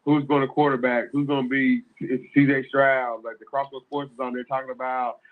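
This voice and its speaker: A man's voice: medium pitch, level tone, a little fast. A man co-hosting a sports podcast who rambles through his points with lots of restarts. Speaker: podcast co-host. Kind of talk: casual sports chat. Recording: tinny phone line.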